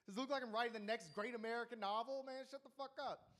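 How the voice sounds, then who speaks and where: A young man doing a rambling, crude stand-up set at an open mic with deadpan punchlines. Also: extremely high pitch, quick pace. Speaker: stand-up comedian.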